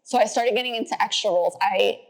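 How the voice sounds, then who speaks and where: Chatty young woman telling stories. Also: fast talker. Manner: chatty, says "like" often, acts out quotes in a high voice. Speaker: guest. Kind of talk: casual interview storytelling.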